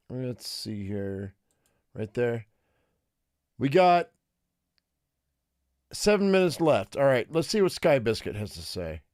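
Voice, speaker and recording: Loud, drawn-out man streaming live. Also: fairly high pitch, dry recording, clean studio sound. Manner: loud, slow, talking back to the video. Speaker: streamer reacting to a video. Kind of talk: casual live-stream chatter.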